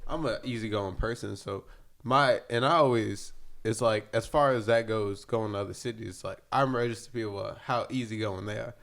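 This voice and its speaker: A man's voice: on the low side, normal speed, gravelly, fairly bright tone. A man from Seattle hosting a podcast, telling stories in casual chat, full of slang, acting out quoted voices and laughing often. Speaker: podcast host.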